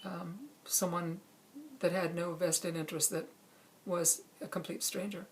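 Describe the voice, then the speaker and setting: A middle-aged woman calmly telling a true personal story, with measured pauses. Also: lowish voice, a little hiss or hum. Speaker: speaker sharing a personal story.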